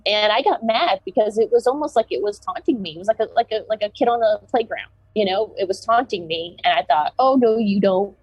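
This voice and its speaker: A Southern American woman, a podcast guest, recounting a personal encounter in an animated way, with many restarts. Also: medium pitch, a little fast, few pauses, husky, dry recording, muffled recording.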